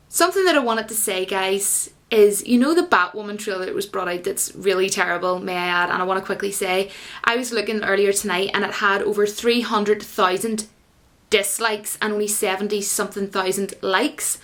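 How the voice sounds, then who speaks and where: A woman's voice: mid-range voice, normal speed, a bit bright. A woman talking casually into her vlog, rambling and firing rhetorical questions at viewers she calls guys. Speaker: YouTuber.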